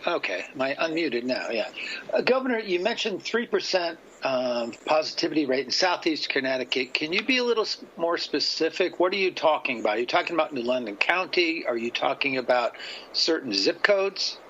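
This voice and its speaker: A man's voice: fairly high pitch, very animated, brisk, sharp tone. Male reporter pressing with questions over muffled audio. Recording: muffled remote audio with faint noise.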